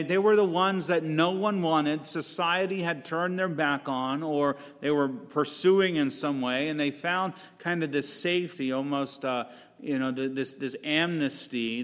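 A man's voice: fairly high pitch, fairly bright tone, in a large hall. A male pastor delivering a sermon in a conversational style, with self-deprecating humorous asides. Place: church sanctuary.

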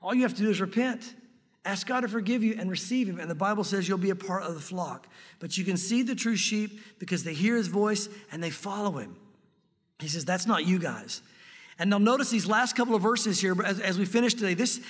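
A man preaching a sermon from a church sanctuary, earnest and emphatic, slowing down to read scripture aloud. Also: high voice, breathy edge. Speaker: pastor. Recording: long reverb of a large hall.

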